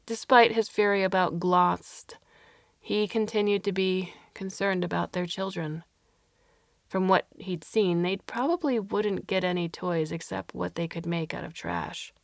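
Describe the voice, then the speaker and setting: Woman reading a story out loud, lowish voice, expressive, dry close sound. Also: a little slow, creaky, dry recording. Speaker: narrator. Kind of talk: audiobook narration.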